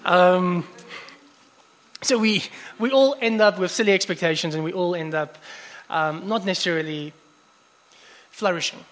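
A man preaching a sermon in a church hall, casual and conversational, often restarting his phrases. His voice sits high for a man, and the hall lends it a long, lingering reverb. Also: moderate pace. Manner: conversational, many restarts, animated asides.

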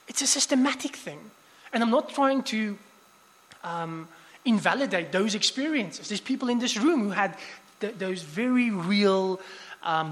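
A man preaching a sermon in a church hall, casual and conversational, often restarting his phrases. His voice sits high for a man, and the hall lends it a long, lingering reverb. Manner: conversational, many restarts, animated asides.

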